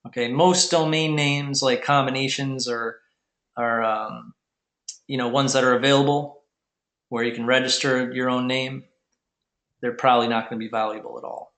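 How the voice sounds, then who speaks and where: A man teaches on a live webinar in a loose, rambling manner, pausing and restarting often. His voice sits at an ordinary pitch. The sound is roomy and echoey, as from a computer mic. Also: a bit bright. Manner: rambling, frequent fillers and restarts. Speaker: webinar host teaching domain investing. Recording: echoey room.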